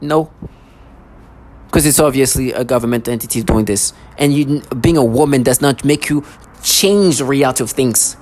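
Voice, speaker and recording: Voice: medium pitch, normal speed, darkish tone, slight background noise. A vlogger speaking in a rambling personal monologue, agitated and repetitive, with frequent stammering restarts.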